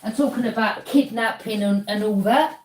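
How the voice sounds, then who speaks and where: A woman in a roomy, echoing space, her voice sitting fairly high. She talks straight at her listener in a pointed, accusing way. She keeps jabbing "yeah?" at them as a challenge. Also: moderate pace, a little mellow. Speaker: tarot reader. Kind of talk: confrontational monologue to camera.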